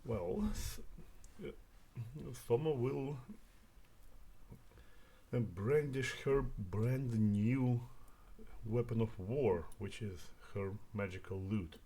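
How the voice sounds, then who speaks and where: Husky man playing a bard. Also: medium pitch, drawn-out words, dark tone. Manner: flowery, theatrical. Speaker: player. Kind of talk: tabletop game play, in-character flourishes.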